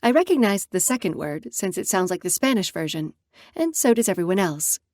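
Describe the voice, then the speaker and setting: A woman narrating a first-person romance audiobook in an expressive way. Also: lowish voice, a little fast, dry recording, clean studio sound.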